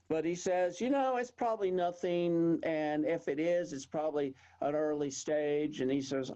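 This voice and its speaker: A man's voice: fairly high pitch, dark tone, lo-fi sound. Folksy Texan man telling a story. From Texas. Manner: folksy, rambling, acts out others' lines. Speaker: guest. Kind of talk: storytelling in an interview.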